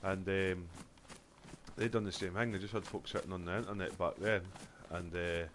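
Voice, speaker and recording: Scottish man, game streamer, low voice, sweary, rambling, faint noise behind. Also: steady tone, normal speed, fairly bright tone. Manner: sweary, rambling storytelling with many fillers. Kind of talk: casual chat while gaming.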